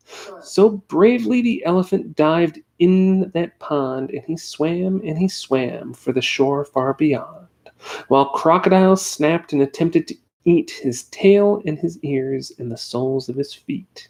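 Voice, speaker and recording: Male reader, home USB mic, slightly gravelly, playful bedtime-story read. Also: fairly high pitch, unhurried. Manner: lively voices for the characters. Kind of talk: reading a children's story aloud. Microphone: USB desk microphone on a tripod.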